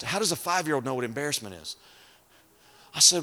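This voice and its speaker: A man preaching a sermon at a conference, moving from hushed storytelling to fervent, sing-song exhortation. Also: medium pitch, quick pace. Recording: long hall reverb.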